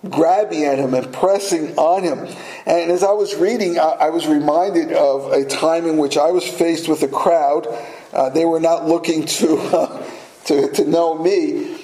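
A man's voice: a little high, darkish tone. A man preaching a sermon, telling a personal story with small laughs and restarts before coming back to the scripture. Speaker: pastor. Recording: echoey room.

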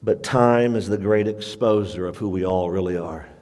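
Male pastor, radio sermon, animated with sharp high-pitched peaks, reverberant sanctuary sound. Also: moderate pace. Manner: animated preaching, sudden high-pitched emphasis.

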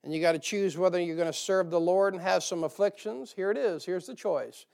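A man's voice: high-pitched, a little fast, creaky, a little mellow. A man preaching a sermon to a church, folksy and joking, rising to emphatic bursts. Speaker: pastor. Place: church sanctuary.

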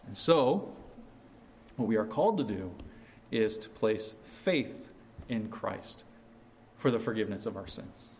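A man preaching a sermon in a slow, earnest way, rising sharply on his questions. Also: lowish voice, expressive, a little mellow, a little hiss or hum.

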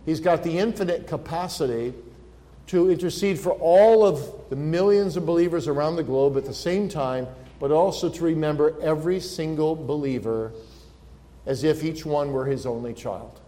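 A man preaching a sermon as pastor, earnest, slowing and swelling when he quotes scripture. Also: fairly high pitch, warm tone. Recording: long reverb of a large hall.

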